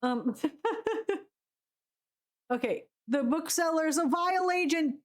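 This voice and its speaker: A woman's voice: high-pitched, expressive, slow, pauses often, over loud music. A woman streaming a video game, chatting casually with her viewers and giggling often. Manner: chatty, giggly, greets chat. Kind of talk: live game commentary.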